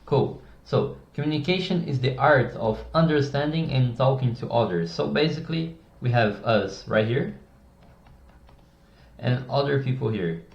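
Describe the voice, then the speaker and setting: A man presenting a casual lesson on communication, often dropping his voice lower and softer to demonstrate tones. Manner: demonstrates tones, drops voice low and soft for examples. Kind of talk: casual explanatory video lesson. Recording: echoey room, dull lo-fi sound.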